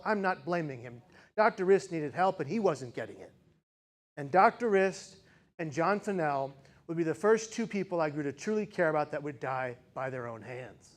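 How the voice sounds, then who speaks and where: A man in his forties giving a personal storytelling speech as a keynote speaker, dramatic and shifting between loud intensity and hushed quiet. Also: high-pitched. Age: 40s.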